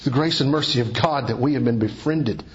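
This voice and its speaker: A man's voice: medium pitch, fairly quick, lo-fi sound. A man preaching an expository sermon, his voice swelling on key phrases. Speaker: pastor.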